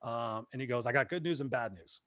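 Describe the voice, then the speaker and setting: A man, a motivational speaker, telling his life story in a casual interview, animated and acting out the voices of people he quotes. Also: medium pitch, fairly quick, no echo. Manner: animated, acts out quoted voices, many fillers.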